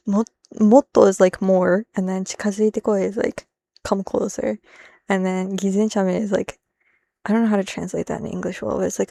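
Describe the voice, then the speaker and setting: A woman's voice: mid-range voice, vocal fry, mellow, no room sound. A woman on a casual live stream, thinking aloud as she translates, switching between Japanese and English and laughing often.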